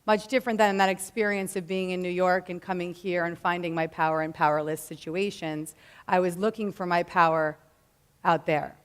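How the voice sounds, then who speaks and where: A woman's voice: fairly low pitch, fairly even intonation, moderate pace, smooth. A woman in her thirties giving an earnest inspirational talk to a live audience, mixing casual slang with spiritual phrasing. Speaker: motivational speaker.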